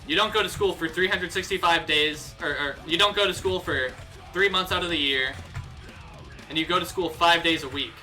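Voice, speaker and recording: Young man, livestream rant, heated and profane, very bright voice, faint guitar music. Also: on the high side, moderate pace. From United States. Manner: heated, profane, ranting with restarts.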